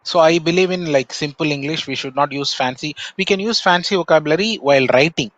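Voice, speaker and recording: A man's voice: fairly high pitch, a bit bright, no room sound, poor audio. Indian man with a Tamil accent, thoughtful. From Tamil Nadu, India. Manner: measured, thoughtful, many pauses and "uh" fillers. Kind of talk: casual conversation.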